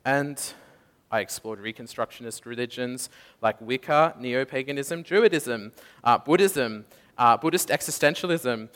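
A young man gives a testimony sermon, acting out the people in his story with lively, playful voices. His voice is bright and forceful. It rings with the long echo of a large hall. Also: mid-range voice, unhurried. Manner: animated storytelling, acts out quotes, laughs often. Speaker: preacher. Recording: echoey hall.

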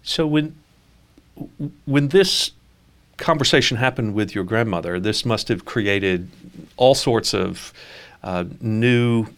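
A man hosting a radio-style interview about faith, speaking in a measured way with frequent uhs and restarts. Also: fairly low pitch. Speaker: host.

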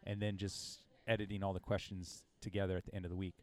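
A man's voice: low-pitched, level tone, fast, no room sound. A laid-back, teasing man hosting. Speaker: podcast host. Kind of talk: casual chat.

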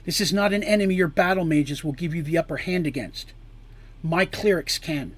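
A man's voice: a little high, brisk, slightly rough. A man voicing a fierce commanding queen. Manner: forceful, commanding.

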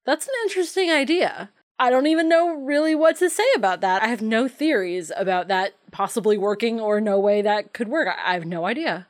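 A woman's voice: on the high side, brisk, hardly any pauses. A woman co-hosting a podcast in a casual, chatty film discussion. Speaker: podcast co-host.

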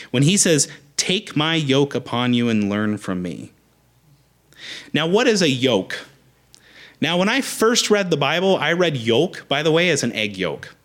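Rallying phrases come back again and again as a young adult pastor preaches, emphatic and full of animation. His pitch sits fairly high.

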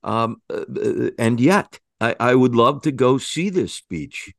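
A man's voice: medium pitch, animated, slow pace, vocal fry, dry recording, clean studio sound. A man co-hosting a podcast, talking in a musing, hesitant way with many fillers. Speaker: podcast co-host. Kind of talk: conversational chat.

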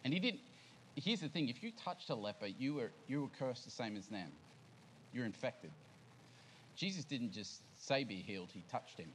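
A man preaching in a relaxed, conversational way, with a voice of middling pitch. He keeps asking his congregation questions as he teaches. A faint hiss of noise sits under the church recording. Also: normal speed, poor audio. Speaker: pastor. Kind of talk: sermon. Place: church service.

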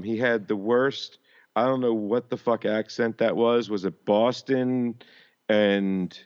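A man's voice: medium pitch, muffled recording. A man co-hosting a podcast in casual chat, rambling and profane, often mocking himself. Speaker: podcast co-host.

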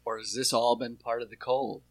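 A man co-hosts a comedy podcast, riffing in a loose, rambling way and breaking into laughs often. His voice sits at a middle pitch. The sound is dry and close, with no room around it. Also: level tone, moderate pace, dry recording. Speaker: podcast co-host. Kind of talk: casual comedic chat.

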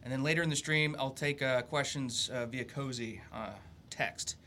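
A man's voice: medium pitch, moderate pace, sharp tone, a little hiss or hum. A man working as a livestream assistant, casually reading out call-in rules with many hesitant fillers.

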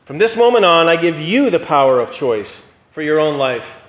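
A man's voice: a little high, sing-song, normal speed. Man reading as a frustrated traveler. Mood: firm. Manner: exasperated, yelling. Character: frustrated male traveler on a bridge. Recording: echoey hall, dull lo-fi sound.

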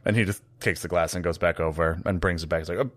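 A man's voice: deep voice, fairly even intonation, quick pace, a bit bright, no room sound, studio quality. A man narrating a tabletop game as game master, in a casual, loose way with many fillers. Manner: casual, hesitant with fillers like kind of.

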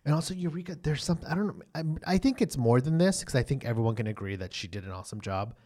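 A man co-hosting a casual chat podcast, chatty and quick to laugh. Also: medium pitch. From US South. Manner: chatty, animated, laughs easily. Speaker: podcast co-host.

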